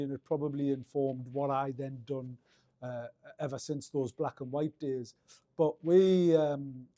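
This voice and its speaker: Middle-aged Geordie man, guest on a chat show; dark, mellow tone, rambles with restarts. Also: medium pitch, no room sound, clean studio sound. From Northeast England. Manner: rambling, many restarts and fillers. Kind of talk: casual interview storytelling.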